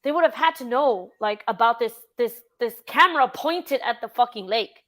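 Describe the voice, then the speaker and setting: A woman's voice: fairly high pitch, animated, normal speed, a bit bright. A woman hosting a casual true-crime livestream, chatting with a guest, reading out chat and swearing freely. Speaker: livestream host.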